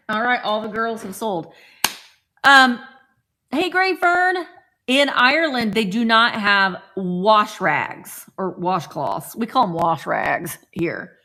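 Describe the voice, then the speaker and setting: A woman's voice: medium pitch, lively intonation, slow, pushed and bright. A woman hosting a live vintage sale, chatting casually with playful, rambling asides. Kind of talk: casual live-stream selling chat.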